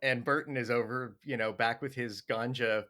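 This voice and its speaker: A man's voice: medium pitch, fairly even intonation, normal speed, bright, forceful tone. A man co-hosting a film podcast, casually walking through scenes and chuckling now and then. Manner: walks through scenes, chuckling, with small restarts. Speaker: podcast co-host. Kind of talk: casual chat recapping a film.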